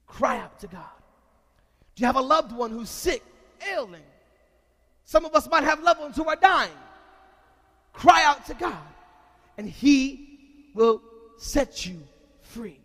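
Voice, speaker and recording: Preacher, male, very high, bright and forceful voice, shouting then dropping low, long hall reverb. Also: expressive, takes it slowly, vocal fry, pauses often. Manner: swings from shouting to hushed, calls on the congregation. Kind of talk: sermon.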